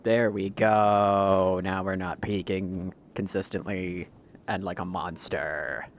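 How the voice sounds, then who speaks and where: A man's voice: deep voice, little pitch movement, takes it slowly. A man chatting casually and jokingly while live-streaming a video game. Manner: chatty, jokey, talks to his pet.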